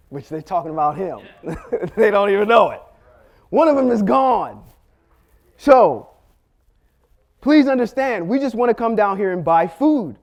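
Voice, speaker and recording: Man, high voice, animated Bible teaching, acts out dialogue. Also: normal speed. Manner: animated storytelling, acting out the characters' lines. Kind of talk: sermon teaching.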